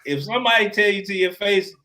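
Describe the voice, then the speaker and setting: A man's voice: sits high, fast, bright, forceful tone. A man co-hosting a casual sports podcast, profane and joking, laughing often. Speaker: podcast co-host.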